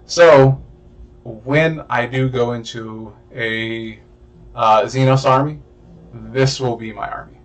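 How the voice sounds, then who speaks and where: A man's voice: mid-range voice, steady tone, slow pace. A young man co-hosting a podcast, chatting casually with a rambling, profane manner and plenty of fillers. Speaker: podcast co-host. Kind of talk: casual chat.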